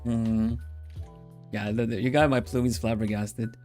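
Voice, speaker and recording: Halting, easygoing male streamer. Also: medium pitch, fairly even intonation, a little mellow, faint music behind. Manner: halting, many restarts and fillers. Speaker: streamer host. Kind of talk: casual stream chat.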